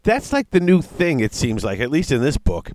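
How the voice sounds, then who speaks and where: A man in casual chat, reading tabletop game rules aloud and reacting with excitement. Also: medium pitch, moderate pace, no room sound. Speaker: tabletop wargame player discussing rules.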